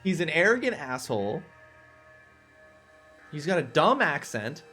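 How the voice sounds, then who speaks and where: A young adult man streaming a video game, chatting casually and excitably with his chat. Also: fairly high pitch, measured pace, faint music behind.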